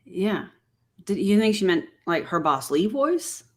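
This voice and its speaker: A woman's voice: medium pitch, sing-song, measured pace. A woman hosting a live stream, making skeptical, questioning comments on a podcast clip in casual conversation.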